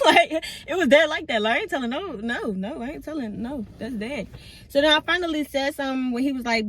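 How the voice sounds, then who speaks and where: A young woman vlogger tells candid, rambling stories in a casual story-time vlog, full of slang and filler words. Her voice sits high and sounds animated and sharp, and she talks fairly quickly. The recording quality is low.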